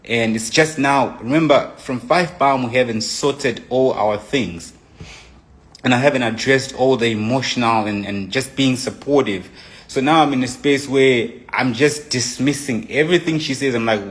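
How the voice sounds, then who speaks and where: A man's voice: mid-range voice, normal speed. A young man casually telling a personal relationship story, rambling with many restarts and frequent asides. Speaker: guest telling his side of a breakup.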